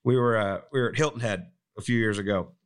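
A man's voice: lowish voice, fast, smooth. A young man, a pro golfer and podcast co-host, telling stories in casual chat and acting out other people's voices. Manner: animated storyteller, acts out voices of others.

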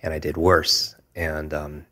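Guy in his 40s, super low voice, pretty flat delivery, earnest storytelling as a guest. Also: takes it slowly. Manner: earnest and reflective, with frequent "if you will" asides. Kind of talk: personal storytelling in an interview.

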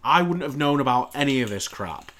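A man talks fast and loose on a casual podcast, swearing constantly and sounding exasperated and sarcastic. His voice sits in an ordinary middle pitch. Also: animated, a bit bright. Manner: heavily profane, exasperated, sarcastic ranting. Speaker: podcast co-host.

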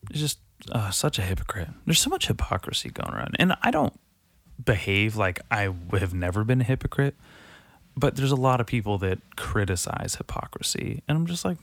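A man's voice: mid-range voice, sing-song, normal speed, dry recording. A man hosting his own podcast alone, rambling and swearing a lot, sighing and trailing off into mutters before restarting. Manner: rambling, profane, self-deprecating, trailing off and restarting; sighs often, drops to a mutter. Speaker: podcast host. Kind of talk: casual solo monologue.

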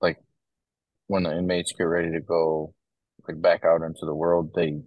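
A young corrections officer from Ohio, a guest on a podcast, tells stories in relaxed, loose conversation packed with fillers. His voice is deep and his pace moderate, recorded with no room sound and the highs cut off.

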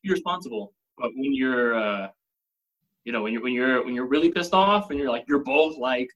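A man's voice: medium pitch, moderate pace, fairly bright tone, highs cut off. A man talking casually on a podcast, explaining his points with examples and plenty of fillers.

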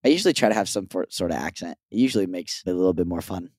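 A man's voice: sits low, animated, rapid-fire, a little mellow, no room sound, clean studio sound. A young man co-hosting a podcast, joking casually and laughing often. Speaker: podcast co-host. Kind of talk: casual chat.

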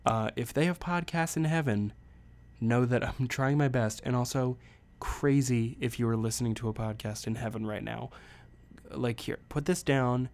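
A man's voice: mid-range voice, normal speed, darkish tone. A man hosting a podcast, reviewing a movie in a chatty, rambling solo talk with playful asides. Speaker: podcast host. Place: saw movie at Temple theater.

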